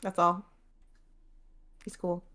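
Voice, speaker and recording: A woman's voice: lowish voice, flat delivery, slow pace, bright, forceful tone. A woman hosting a book club, chatting casually in a loose, hedging way and laughing easily. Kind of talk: casual chat.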